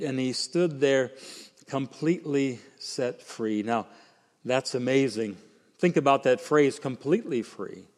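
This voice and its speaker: A man preaching a sermon with emphatic swings from quiet, slow lines to raised ones. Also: fairly high pitch. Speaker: pastor. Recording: long hall reverb.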